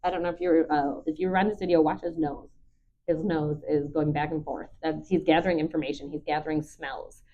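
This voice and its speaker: A woman dog trainer calmly talking through a training session, chatty and patient with frequent ums. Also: sits low, brisk. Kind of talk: live dog training commentary. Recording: dull lo-fi recording.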